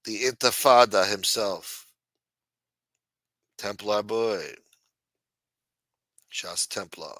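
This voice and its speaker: A man's voice: lowish voice, slow pace, pauses often, bright, forceful tone, no room sound, rough recording. A man hosting a late-night talk show, ranting bluntly with lots of profanity. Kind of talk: casual talk-show rant.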